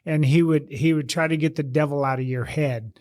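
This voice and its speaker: Brief: higher-pitched male co-host, animated, rambling storyteller. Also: a little fast. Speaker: co-host, retired fire officer. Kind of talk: casual storytelling chat.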